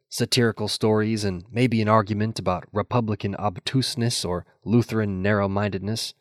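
An older man from Minnesota reading a personal memoir essay aloud in a measured, reflective and wry way. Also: fairly low pitch, no echo, studio quality. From Minnesota, USA.

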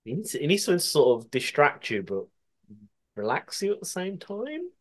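A man co-hosting a podcast, easygoing and quick to laugh along. His pitch moves around a lot as he talks. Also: wildly swooping pitch. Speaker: podcast co-host. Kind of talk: casual chat.

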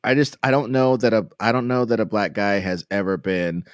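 Casting: male podcast host, fairly low voice, dry close sound, loose and profane. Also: steady tone, a little fast, dry recording. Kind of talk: casual comedic chat.

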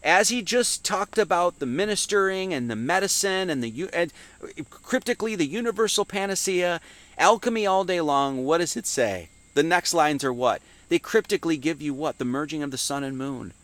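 A teacher giving an informal, esoteric Sunday Bible talk speaks in a slightly high, fairly bright voice with lively intonation at a moderate pace. He loosely poses questions and answers them himself, lifting his voice when reading scripture. The sound is close and dry with no room echo.

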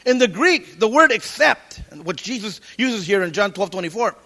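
A middle-aged man preaching a sermon as pastor, animated, quoting scripture and cracking jokes. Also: high-pitched, moderate pace.

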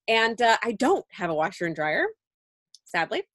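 A woman co-hosting a podcast, telling a story in a casual chat with lots of laughter and lively voice-acted quotes. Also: medium pitch, normal speed, no room sound, studio quality. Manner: animated storytelling with frequent laughter. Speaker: podcast co-host.

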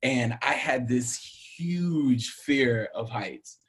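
Young man from the American South, musician guest. Animated storyteller, middle pitch. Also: very slow. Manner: animated storyteller, acts out quoted dialogue, laughs often. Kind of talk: storytelling interview.

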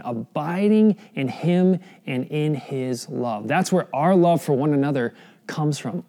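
A man's voice: medium pitch, gravelly, a little mellow. A young adult man preaching a sermon in an earnest, conversational way, often asking the listeners questions. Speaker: pastor.

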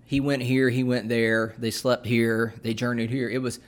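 A man with a mid-range, level voice chats casually, explaining scripture at a relaxed pace like a podcast co-host. He's unhurried and leans on lots of fillers and restarts, much like someone teaching on a talk show.

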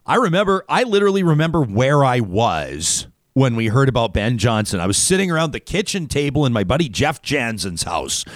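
A man's voice: mid-range voice, big pitch swings, brisk, few pauses, dry recording, clean studio sound. A man hosting a radio talk show, chatting casually and rambling, often laughing as he reads out listener comments. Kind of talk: casual call-in radio chat.

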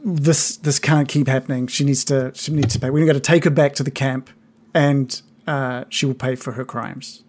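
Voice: medium pitch, fairly even intonation, moderate pace, a little mellow, a little hiss or hum, lightly acted. A game master voicing an angry bearded man in his late thirties, speaking in a stern, insistent way.

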